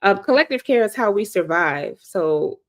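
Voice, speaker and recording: A woman's voice: medium pitch, expressive, normal speed. Emphatic woman from Chicago's South Side. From South Side of Chicago, USA. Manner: emphatic, preacher-like, repeats key phrases. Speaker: host and speaker. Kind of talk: impassioned monologue.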